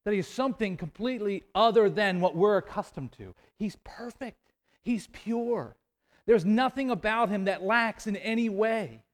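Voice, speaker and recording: A man preaching a sermon, swinging between hushed asides and loud emphatic declarations, with playful joking asides. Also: sits high, a little fast, hardly any pauses.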